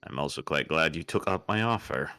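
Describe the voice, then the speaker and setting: A man playing a tabletop game, speaking in character in a measured, deliberate way. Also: extremely low pitch, expressive, sharp tone, smooth, dry recording, soft background music. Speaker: player.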